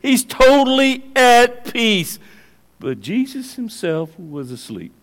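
Male preacher, high voice, slow emphatic delivery, long church reverb. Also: very animated. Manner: dramatic swings from hushed to loud and high. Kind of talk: sermon.

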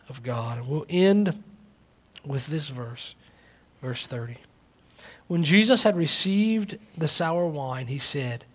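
A man preaching a sermon. He moves from quiet reflective talk to loud emphatic preaching, repeating key phrases and restarting. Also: a little high, slightly rough. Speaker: pastor.

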